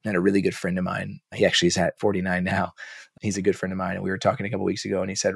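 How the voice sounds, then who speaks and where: Man, podcast guest, low voice, dry close sound, animated casual storyteller. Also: racing, creaky, slightly rough, dry recording. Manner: animated, acts out quoted dialogue, casual slang. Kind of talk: candid personal storytelling.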